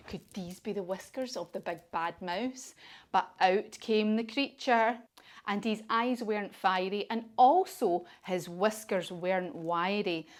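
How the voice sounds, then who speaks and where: Woman, kids yoga teacher, storytelling class, sing-song, encouraging, mid pitch.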